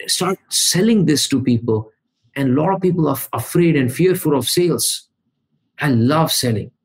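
Energetic man coaching. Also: medium pitch. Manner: energetic, emphatic, lists steps in short punchy bursts. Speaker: podcast guest, coach. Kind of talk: conversational podcast interview.

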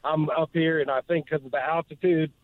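A man from northeast Georgia, calling in to a radio show and speaking earnestly, with many pauses and fillers. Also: fairly high pitch, steady tone, dry recording. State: emotional. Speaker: caller. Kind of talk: call-in radio chat. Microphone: phone. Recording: tinny phone line, dry.

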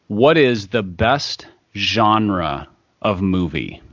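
Podcast co-host, man, lowish voice, wry and rambling, dry dull recording. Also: big pitch swings, extremely slow, fairly bright tone, no echo. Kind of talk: casual podcast chat.

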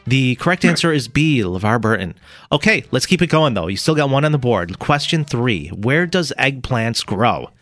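A man's voice: mid-range voice, normal speed, dry recording, faint music behind. A man co-hosting a radio morning show who runs a playful quiz and teases the contestants as he reads out the answers. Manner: teasing, lively, reads out multiple-choice answers.

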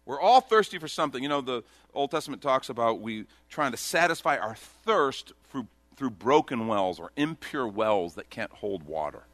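A man preaching a sermon as a pastor, telling a Bible story with animated delivery and voicing the characters in quotes. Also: mid-range voice, moderate pace, few pauses, dry recording.

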